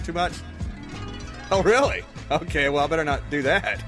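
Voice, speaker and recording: A man hosts a rough home podcast, talking in a high, bright voice. He rambles loosely, cracks jokes and swears freely, with faint music behind him. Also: moderate pace, long pauses. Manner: loose, rambling, profane, jokey. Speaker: podcast host. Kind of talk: casual comedic podcast talk.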